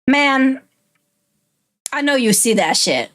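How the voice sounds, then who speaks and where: High-voiced woman playing a horror game. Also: expressive, takes it slowly, fairly bright tone, a little hiss or hum. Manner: casual, profane and joking. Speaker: gaming streamer. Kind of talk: game let's play commentary.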